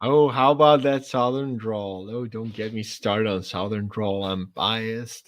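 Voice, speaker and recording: A man's voice: medium pitch, fairly even intonation, moderate pace, hardly any pauses. A man streaming and chatting casually, crude and joking, a bit drunk. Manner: crude, joking, tipsy banter. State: tipsy. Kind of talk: casual chat.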